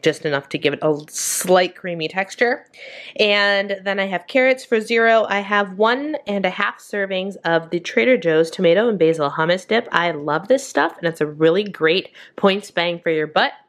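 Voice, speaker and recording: A young woman chatting casually in a food vlog, upbeat and rambling, a little out of breath. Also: mid-range voice. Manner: chatty and upbeat, lots of fillers. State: slightly out of breath. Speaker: vlogger.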